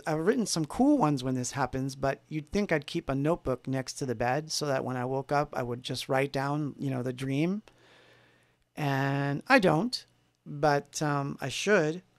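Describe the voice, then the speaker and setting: Host musician, male, raised pitch, rambling and self-deprecating, dry close mic in his studio. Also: vocal fry, no room sound. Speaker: musician hosting a livestream. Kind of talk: casual storytelling.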